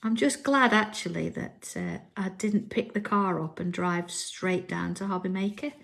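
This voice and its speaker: A woman's voice: mid-range voice, unhurried, vocal fry, a bit bright. A woman chatting casually as she draws, reading viewer comments and telling stories, often laughing and dropping to near-whispers for asides. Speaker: crafting livestream host. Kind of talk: casual chat while drawing.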